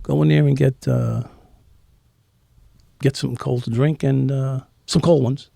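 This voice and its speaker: A man's voice: mid-range voice, fairly even intonation, a little slow, gravelly, mellow, no echo, studio quality. A man around sixty, a former police officer telling profane, laughing stories in a casual interview. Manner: profane, laughing anecdotal storytelling.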